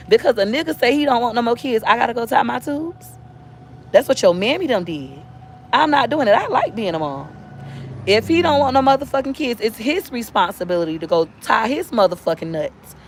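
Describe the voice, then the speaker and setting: A woman and mother giving a blunt, profane parenting rant to her followers, rising to near-shouts for emphasis. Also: on the high side, slight background noise. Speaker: mother and online seller. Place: inside a car.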